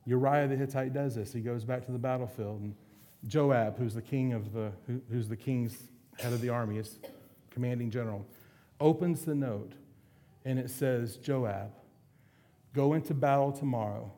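A man's voice: mid-range voice, normal speed, mellow. A man preaching a sermon, retelling a story in a casual, conversational way. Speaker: pastor.

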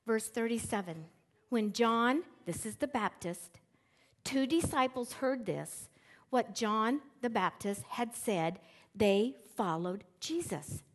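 A woman's voice: on the high side, takes it slowly. A middle-aged woman preaching a sermon in a church, talking casually to the congregation and acting out the quotes she reads. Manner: conversational and animated, acts out quotes with shifting emphasis. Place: church sanctuary with screens.

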